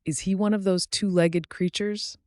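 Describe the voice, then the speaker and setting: A man's voice: sits high, fairly even intonation, normal speed, darkish tone, clear, resonant tone, dry recording, clean studio sound, pitched above the performer's own voice, close to an everyday voice. A man voicing an anxious, distrustful female duck far from home, fretful and tearful.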